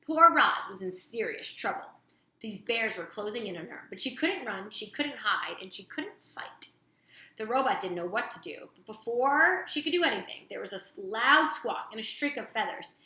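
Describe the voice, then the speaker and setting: A woman reading a children's novel aloud with animated, dramatic storytelling. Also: a little high, normal speed. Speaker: storybook reader. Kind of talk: expressive read-aloud narration. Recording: roomy echo.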